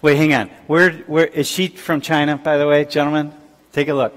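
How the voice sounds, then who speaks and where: A man's voice: on the high side, flat delivery, normal speed. Playful man lecturing in a big hall. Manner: playful, loud, laughing and prodding students. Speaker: professor lecturing a class. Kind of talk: casual lecture hall banter.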